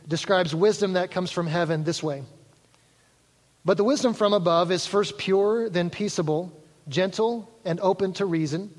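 In a big church hall that gives his voice a lengthy reverb, a pastor preaches in a high, light voice. His style is conversational, and he uses jokes to engage the congregation.

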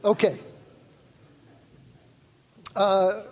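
A man preaching a sermon in a high, light voice. He talks conversationally and draws the congregation in with jokes. His voice carries a long reverb from a large church hall. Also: big pitch swings, slow pace, pauses often. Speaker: pastor.

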